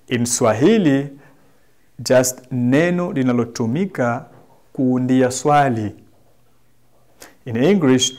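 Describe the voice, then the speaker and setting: A man with a Tanzanian accent teaching a language lesson, slowly repeating words for the class to echo. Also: mid-range voice, darkish tone.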